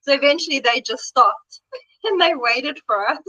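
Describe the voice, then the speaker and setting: A woman's voice: sits high, animated, moderate pace, sharp tone, dry recording. A woman telling a story as an interview guest, laughing often as she talks. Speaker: interview guest, trail runner. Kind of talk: casual conversation. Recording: dull lo-fi sound.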